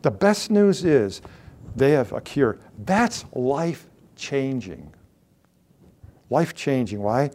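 A man preaching a sermon with a lively, swinging delivery. He climbs to loud exclamations and then sinks into hushed, almost whispered asides. His voice sits at a middle pitch. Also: slow, long pauses. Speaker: pastor.

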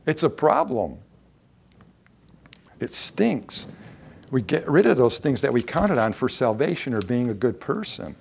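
A male pastor delivering a sermon in a lively, sing-song pitch, with a rough gravelly texture in his voice. He talks conversationally, repeating himself and restarting phrases. He jumps from loud, emphatic lines to hushed ones. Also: a little slow, pauses often, slight background noise. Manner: emphatic, with sudden rises and drops in loudness.

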